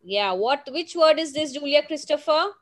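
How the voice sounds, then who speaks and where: A woman's voice: high voice, lively intonation, normal speed, heavy background noise. A woman teaching young children phonics, sounding out words and telling a simple story in a patient, coaxing way. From India.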